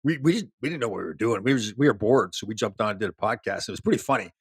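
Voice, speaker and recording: An older Canadian man, a former pro hockey player, is a guest in a casual storytelling interview. He talks fast in a husky, lowish voice, laughing and restarting often as an animated storyteller, with no echo.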